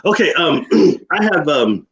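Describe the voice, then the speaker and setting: A man's voice: on the high side, big pitch swings, takes it slowly, a bit bright. A man who is a guest on a radio talk show, telling rambling stories with frequent laughs and acting out the voices of people he quotes.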